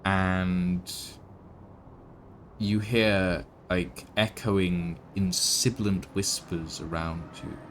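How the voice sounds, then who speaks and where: Slow, deep-voiced male game master. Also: fairly even intonation, fairly bright tone, a little hiss or hum. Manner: slow, hesitant descriptive narration with many fillers. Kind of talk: narrating a tabletop game.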